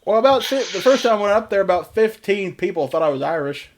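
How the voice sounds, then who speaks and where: A man's voice: high voice, animated, fast. A young adult man hosting a stream, telling stories in casual chat and laughing often. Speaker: streamer host.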